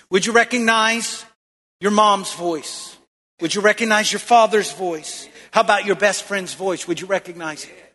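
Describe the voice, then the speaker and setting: A man's voice: high-pitched, bright, forceful tone, long reverb tail. A male pastor preaching a sermon in a church, throwing questions out to the congregation and calling for answers.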